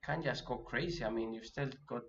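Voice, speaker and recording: A man giving live commentary as he day trades, thinking aloud and talking himself through his nerves with halting restarts. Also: mid-range voice, gravelly, a bit bright. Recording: dull lo-fi audio with faint noise.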